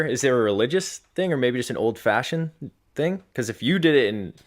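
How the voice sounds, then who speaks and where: A man's voice: medium pitch, expressive, a little fast. Laid-back joking male podcast co-host. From Massachusetts. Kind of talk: casual chat.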